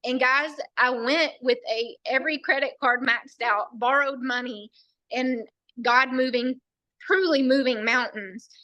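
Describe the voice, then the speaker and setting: A woman's voice: high-pitched, fairly even intonation, a little slow, pushed and bright, no room sound, highs cut off. A woman earnestly telling a personal story on a team call, acting out what others said to her. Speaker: team member sharing a story.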